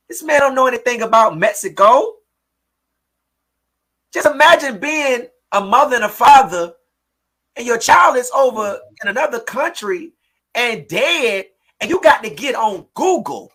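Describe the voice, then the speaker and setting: A woman hosting a livestream, talking in a fiery preaching way, repeating phrases and shouting in outrage. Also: fairly high pitch, lively intonation, unhurried, slightly rough. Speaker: livestream host. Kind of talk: impassioned livestream talk.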